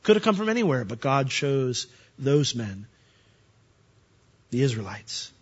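A man's voice: medium pitch, sing-song, a little slow, slightly rough, dull audio. A man preaching a verse-by-verse sermon in a conversational way, asking his listeners questions as he explains the text. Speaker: pastor.

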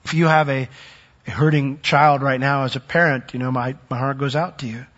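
A man preaching a sermon, swinging from loud emphatic peaks to soft, low asides. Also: steady tone, fairly quick, lo-fi sound. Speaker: pastor.

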